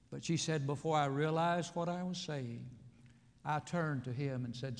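Gravelly preacher in a reverberant church. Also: male voice, fairly high pitch, normal speed. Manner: emphatic, swings between loud calls and quiet storytelling. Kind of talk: sermon. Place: church sanctuary. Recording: long reverb of a church hall. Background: hall reverb.

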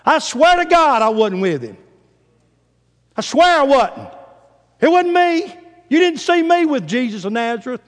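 Brash, fiery male fisherman, put on by a preacher; high, loud shouting with reverb. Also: very animated, a little slow, pauses often, heavily acted. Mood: angry swearing. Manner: shouting, heated protest. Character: hot-tempered, brash adult male fisherman disciple. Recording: long hall reverb.

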